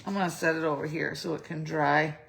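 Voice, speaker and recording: With a low, creaky voice that's a bit bright, a middle-aged woman moves a little fast through a casual craft tutorial. She keeps a steady tone while chatting, thinking aloud and correcting herself, and her throat is slightly phlegmy.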